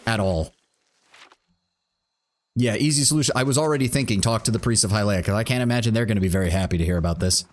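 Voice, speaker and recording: A man's voice: fairly low pitch, quick pace, long pauses. A man streaming a game, casually thinking aloud and reading out game text and stats. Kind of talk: casual gameplay commentary.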